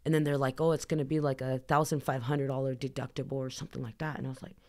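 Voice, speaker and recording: Low-voiced woman telling her story. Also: flat delivery, fast, darkish tone. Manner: chatty, heavy use of "like", acts out dialogue. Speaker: podcast guest. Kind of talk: candid personal storytelling.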